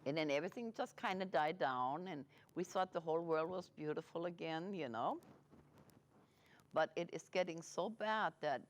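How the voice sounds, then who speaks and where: A woman hosts a local talk show from a small studio, with a slightly low voice. She rambles and restarts her sentences often. She sounds chatty and halting. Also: expressive. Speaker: host. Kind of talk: casual interview on local TV.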